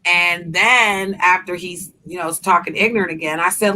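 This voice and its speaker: A woman's voice: fairly low pitch, fairly even intonation, moderate pace, pushed and bright. A woman host in a casual chat, telling a heated story bluntly with profanity.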